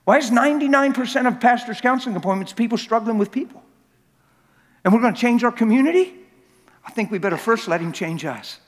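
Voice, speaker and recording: High-voiced male preacher in echoing hall. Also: fairly quick. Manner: animated, repetitive storytelling that swells to shouting. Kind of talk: sermon. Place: church sanctuary.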